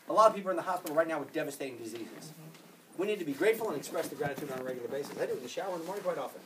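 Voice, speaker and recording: A man giving a motivational talk to an audience, energetic and emphatic, with repeated phrases. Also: a little high, racing, slight background noise. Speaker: motivational speaker. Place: office meeting room. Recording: distant mic in a room.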